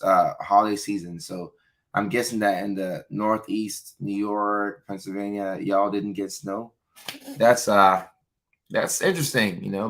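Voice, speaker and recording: This livestream host, who lives in California, broadcasts casually from home in an upbeat way, calling out viewers by name and reading what they comment. He has a fairly low pitch and a fairly bright tone.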